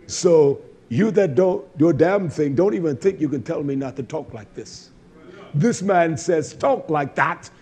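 A man delivers a fiery sermon in a slightly high voice. He lurches between low, muttered asides and loud, shouted exhortations, and he curses bluntly as he goes. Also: husky. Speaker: preacher.

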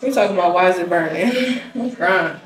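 A woman's voice: fairly low pitch, fairly quick, reverberant, recorded from a distance, faint music behind, poor audio. A woman in her twenties chatting casually for her vlog, laughing and teasing as she goes. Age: 20s. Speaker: vlogger.

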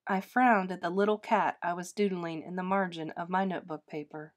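A woman reading a children's ghost story aloud in an expressive storytelling voice. She paces the narration gently and shapes each sentence for young listeners. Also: on the low side, brisk.

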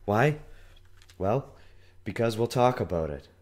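Sick hoarse man hosting a podcast. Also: lowish voice, expressive, slow, darkish tone. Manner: self-deprecating, swears casually. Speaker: podcast host. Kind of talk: casual solo podcast talk. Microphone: podcast mic.

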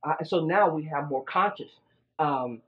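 A woman's voice: deep voice, moderate pace. A middle-aged woman giving a classroom lecture, earnest and full of stories and questions to the class. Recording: dull lo-fi lecture recording.

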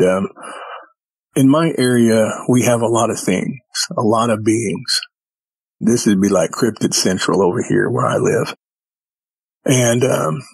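A man's voice: lowish voice, husky, no echo. A man guest telling his own encounter stories in a folksy, rambling way, acting out the voices of people he quotes. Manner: animated storyteller who acts out quoted dialogue. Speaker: podcast guest.

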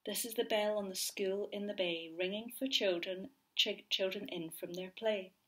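A woman teacher reading a picture book aloud to young children, slow and gentle, often dropping to a whisper. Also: medium pitch, fairly even intonation. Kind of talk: read-aloud storytelling for children.

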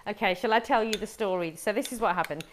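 A woman's voice: mid-range voice, fast talker, slight background noise. Chatty woman hosting a cooking demo. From Wolverhampton, England. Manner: chatty, explains each step to viewers. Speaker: cooking show host. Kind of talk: live cooking demonstration.

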